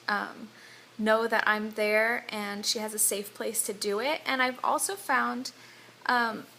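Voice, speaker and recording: Chatty young mother, bright and gravelly. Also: fairly high pitch, a little hiss or hum, poor audio. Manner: rambling, frequent ums and restarts; gentle, calm, reassuring. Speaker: parent vlogger. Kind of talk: casual talk to camera.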